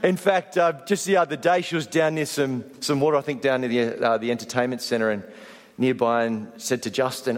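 A man preaching a sermon, animated in his stories and dropping soft to stress a point. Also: mid-range voice, fairly quick, long reverb tail. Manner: animated storytelling, drops soft for emphasis. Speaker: pastor.

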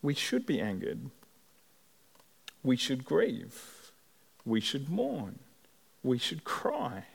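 A man preaching a sermon as a pastor, earnest and measured, with deliberate pauses. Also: mid-range voice, huge pitch swings, vocal fry, husky. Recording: long hall reverb.

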